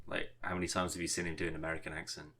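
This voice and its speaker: Deep, forceful male co-host, animated and sweary. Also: racing. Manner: animated, acts out quotes, swears casually. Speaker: podcast co-host. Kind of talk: casual chat.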